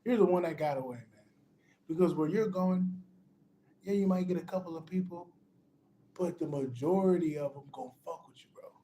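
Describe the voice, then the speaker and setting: A man's voice: a little high, warm tone, slight background noise. A man giving a casual spiritual pep talk, emphatic and repetitive, often restarting phrases and calling the listener bro. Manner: restarts phrases and laughs between points. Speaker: spiritual motivational speaker.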